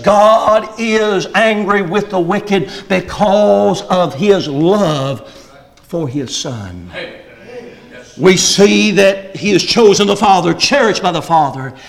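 A middle-aged man preaching a fervent sermon, rising to shouts on key phrases. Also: sits high, vocal fry, poor audio. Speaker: pastor.

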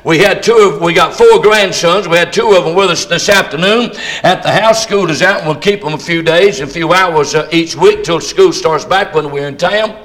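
An older male preacher with a high, ringing voice delivers a revival sermon. He talks in a folksy, fervent way and rises to shouts on the points he wants heard. The sermon moves between storytelling, scripture and prayer. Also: normal speed, low-quality recording.

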